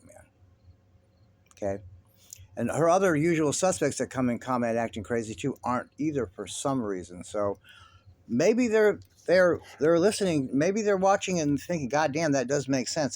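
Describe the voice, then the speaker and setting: Agitated, profane man ranting. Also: medium pitch. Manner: agitated, profane, halting with restarts. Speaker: online commentary host. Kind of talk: rambling religious commentary.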